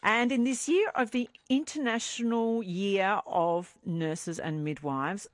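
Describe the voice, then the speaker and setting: A woman hosting a radio talk show, warm and expressive as she leads the conversation. Her voice sits at a middle pitch. The studio sound is close and dry. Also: takes it slowly, no echo. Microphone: studio mic.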